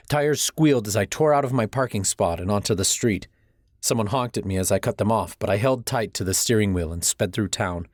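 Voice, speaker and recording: A man's voice: fairly low pitch, no room sound, studio quality. A man narrating a first-person audiobook in a tense, urgent storytelling manner.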